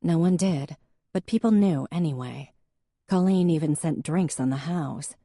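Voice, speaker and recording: Low, mellow female audiobook narrator, measured and even, dry close mic. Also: no room sound. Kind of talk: scripted narration.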